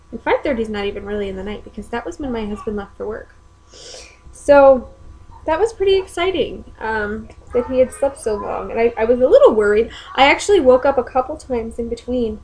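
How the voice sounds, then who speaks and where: A woman's voice: a little high, slight background noise, rough recording. A young woman and mother, chatting casually at home in a rambling way with many ums. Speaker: mother and vlogger. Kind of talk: casual chat.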